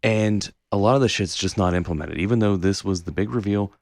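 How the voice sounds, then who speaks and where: A low-pitched man co-hosts a podcast and rants about gear in loose, profane, animated talk. His voice is close and dry, with no room sound. He speaks in bursts and keeps on going. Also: a little fast, gravelly, no echo. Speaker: podcast co-host. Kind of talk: casual chat.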